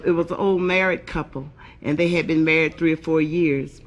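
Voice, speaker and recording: A woman's voice: sits low, steady tone, normal speed, highs cut off, loud music behind the voice. A woman telling raunchy stand-up jokes on a live stage, brash and cussing. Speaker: stand-up comedian.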